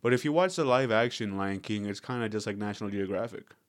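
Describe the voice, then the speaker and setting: Young man, podcast host, casual rambling, swears, lowish voice. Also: fast, no room sound, studio quality. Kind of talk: casual comedic podcast chat.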